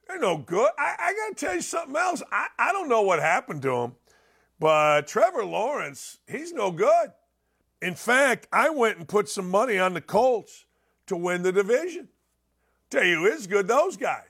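A man hosting a sports podcast, ranting opinions on football with blunt, loud outbursts. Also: high-pitched, moderate pace, breathy edge. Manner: loud, animated, ranting, swings into shouts.

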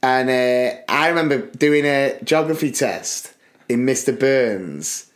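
A man co-hosting a podcast in casual chat, telling school stories with lively acted-out voices. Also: medium pitch, takes it slowly. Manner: animated storyteller who acts out teachers and his dad. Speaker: podcast co-host.

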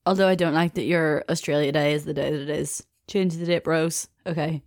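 A woman's voice: low voice, fairly even intonation, fairly quick, hardly any pauses, a little mellow, no room sound, clean studio sound. A young woman hosting a casual, rambling solo podcast chat, swearing and laughing as she goes. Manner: chatty, rambling, swears and laughs easily, mimics accents. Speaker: podcast host.

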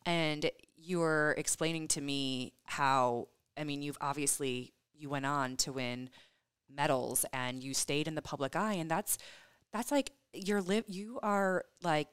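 Low-voiced woman host, smooth sound, gets emotional and rambles, dry close mic. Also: steady tone, measured pace, fairly bright tone, dry recording. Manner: emotional, rambling, many fillers. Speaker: podcast host interviewing guests. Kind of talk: conversational interview.

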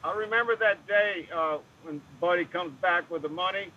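A man's voice: high-pitched, normal speed, sharp tone. A man, a guest actor, casually recalling a day on a film set. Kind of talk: casual recollection. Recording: dull lo-fi line with faint noise.

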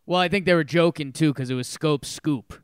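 A man's voice: a little high, fairly quick, clean tone, no room sound, studio quality. A man co-hosting a podcast, chatting casually and chiming in with short agreeing replies. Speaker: podcast co-host.

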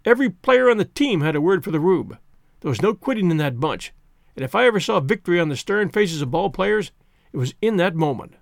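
A man narrates a story in the first person, his voice sitting high and swinging widely in pitch. The reading is expressive and animated. The recording is dry and close. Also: brisk, gravelly, no room sound. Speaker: audiobook narrator.

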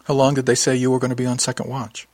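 A man's voice: medium pitch, completely flat delivery, fast talker, darkish tone, no room sound, natural voice. A man voicing a curious, teasing young woman crewmate in an audiobook. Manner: inquisitive, teasing.

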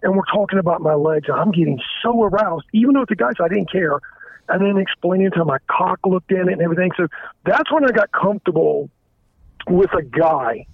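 A man calling in to a show, talking candidly and haltingly, often stammering and restarting his sentences. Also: high-pitched, expressive, dry recording. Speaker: caller. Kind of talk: candid confessional phone call. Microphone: telephone. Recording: tinny dry phone line.

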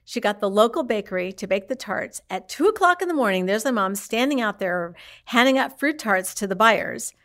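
A woman's voice: mid-range voice, moderate pace, few pauses. A woman telling her mother's story in a casual way, acting out what people said. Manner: animated, acts out quoted speech.

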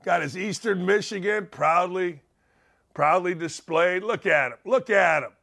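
A man hosting a sports talk show, delivering a sarcastic, heated commentary rant with bursts of shouting. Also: high voice, measured pace, gravelly.

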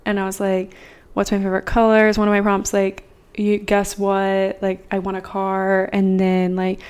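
A woman's voice: mid-range voice, completely flat delivery, normal speed, darkish tone, clean tone. A young woman co-hosting a podcast, telling a story in casual chat, rambling and swearing freely. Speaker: podcast co-host.

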